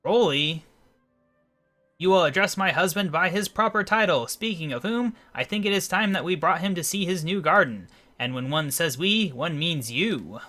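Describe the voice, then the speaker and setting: A man's voice: fairly high pitch, expressive, normal speed, bright, forceful tone, soft background music, pitched above the performer's own voice. A man voicing a snobbish, bossy queen who talks about herself as "one". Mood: gushing, imperious. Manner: pompous, calls herself "one". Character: haughty snobbish queen, bossy to her husband.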